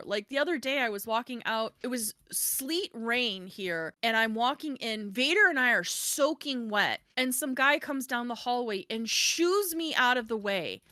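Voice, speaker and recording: A woman's voice: a little high, normal speed, no echo, studio quality. A woman hosting a podcast in casual chat, telling stories and acting out the people in them. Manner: animated storyteller, acts out quoted people. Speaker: podcast host.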